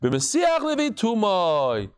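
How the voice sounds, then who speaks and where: Lively, high-pitched male Talmud teacher, playing out stories in class. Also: slow, smooth. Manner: animated, acts out quotes with shifting voices and jokes.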